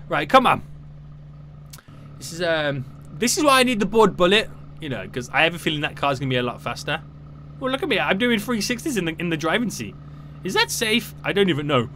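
Excitable gaming commentator, man. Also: high-pitched, moderate pace, slight background noise. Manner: excitable, chatty, talking to viewers. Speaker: gaming YouTuber. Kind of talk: gameplay commentary.

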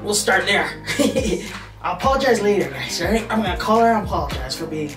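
A woman vlogging casually about her workout and cooking, chatty and playful, counting reps out loud. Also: mid-range voice, lively intonation, a little fast. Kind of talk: casual workout vlog chat. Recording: echoey room with music playing.

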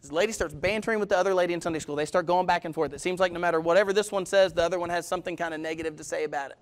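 A man's voice: sits high, racing. A man preaching a sermon as pastor, telling stories, putting questions to the congregation and chuckling now and then.

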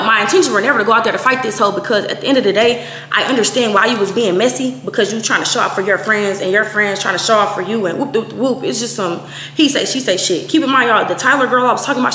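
A young woman in her twenties casually telling a profane story to camera, acting out quoted lines with big jumps in pitch. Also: pushed and bright. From Texas. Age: 20s. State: out of breath at times. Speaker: storytime vlogger. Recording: echoey room with faint noise.

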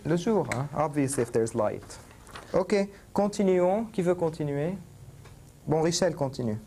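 A man's voice: fairly high pitch, animated, normal speed, mellow, a little hiss or hum. A man teaching a university French class, mixing English and French and checking in with his students.

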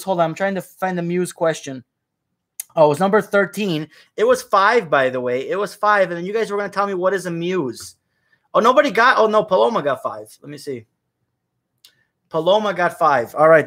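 A man's voice: high-pitched, fairly bright tone. A man hosting a live trivia stream, chatting casually with viewers and reading their names from chat. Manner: chatty, reads chat names aloud, rambles into opinions. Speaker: trivia livestream host.

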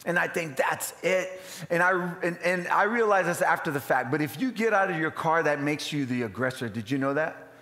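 A male pastor giving an animated, dramatic storytelling sermon and calling out to the congregation. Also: on the high side, brisk. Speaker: lead pastor. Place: church sanctuary. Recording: long hall reverb.

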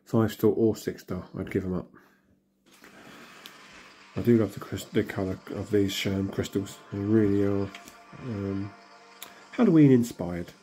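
Man with a low, hoarse, husky voice, chatting casually over game pulls. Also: unhurried, long pauses, dark tone. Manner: chatty, mutters reactions to himself. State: hoarse from illness. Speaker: gaming channel host. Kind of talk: casual commentary while opening in-game crystals.

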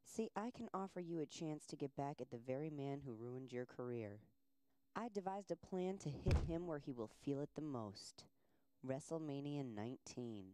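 A scheming low-voiced businesswoman. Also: animated, normal speed, mellow, no echo. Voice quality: overloaded close-mic sound. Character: scheming businesswoman offering a revenge deal.

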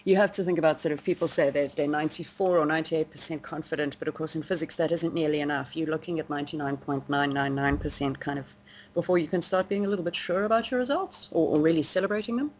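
A woman co-hosting a casual science podcast, chatty and quick to laugh, with frequent ums and restarts. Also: low-pitched, a little mellow, slight background noise. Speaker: podcast co-host.

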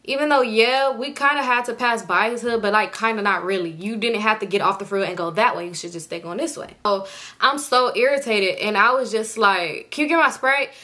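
A woman's voice: medium pitch, brisk, pushed and bright. A young woman telling a casual storytime, exasperated and profane as she animatedly retells what happened. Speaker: storytime YouTuber.

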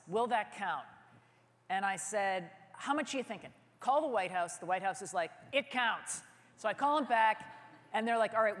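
A woman's voice: mid-range voice, long reverb tail. A woman filmmaker giving a conference keynote, telling a story with energy and acting out phone conversations in quoted voices. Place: conference hall stage.

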